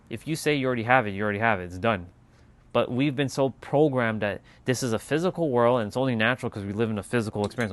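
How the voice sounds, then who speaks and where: Swearing, emphatic man on a livestream. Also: mid-range voice. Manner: emphatic and repetitive, with casual swearing. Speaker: channel host. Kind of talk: casual motivational livestream monologue.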